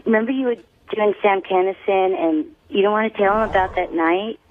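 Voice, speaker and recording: A woman's voice: mid-range voice, fairly quick, a little hiss or hum. A woman calling in to a radio show, playful and teasing. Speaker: caller. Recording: tinny phone line.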